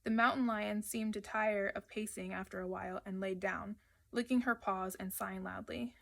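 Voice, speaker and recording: Lady reading a kids adventure story out loud, first-person, steady lively pace. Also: medium pitch, moderate pace, creaky. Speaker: audiobook reader. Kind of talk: children's book read aloud.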